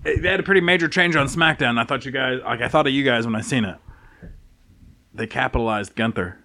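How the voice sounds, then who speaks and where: A man's voice: mid-range voice, fast talker, sharp tone, slight background noise. A man co-hosting a podcast, talking in a loose, profane, joking way. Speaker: podcast co-host. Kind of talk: casual chat.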